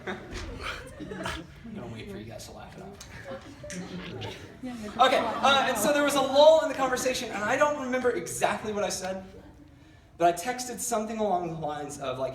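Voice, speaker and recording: A man's voice: sits high, sing-song, normal speed, pauses often, echoey room, distant mic, background noise. A young man giving a casual youth sermon, telling a rambling story with lots of fillers and self-deprecating jokes. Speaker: youth pastor. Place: large church hall.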